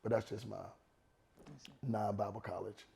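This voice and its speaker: A man in his forties with a low, gravelly voice talks in a loose, slangy way. His tone is mellow and unhurried, and he circles back to the same advice to drive it home. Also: a little hiss or hum. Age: 40s. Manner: relaxed, slangy, repeats advice for emphasis. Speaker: podcast guest, worship leader. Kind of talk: casual chat.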